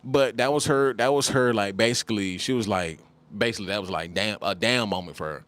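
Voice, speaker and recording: A man telling a personal story in a casual monologue, animated and repetitive, often calling the listener "bro". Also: on the low side, brisk. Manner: animated, repeats phrases, addresses listeners as bro.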